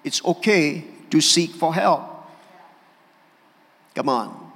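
High-voiced preacher in a hall. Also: male voice, slow pace, breathy edge. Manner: animated preaching with calls for amen. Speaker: pastor. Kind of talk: sermon. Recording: church hall reverb.

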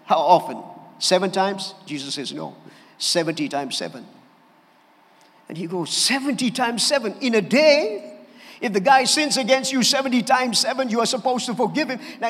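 A male pastor, preaching an animated sermon and calling for amens. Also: very high-pitched. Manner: animated preaching with calls for amen. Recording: church hall reverb.

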